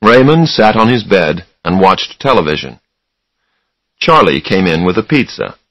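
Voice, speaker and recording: A man narrating a story for English learners in a slow, deliberate, expressive way. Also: low voice, no room sound, muffled recording.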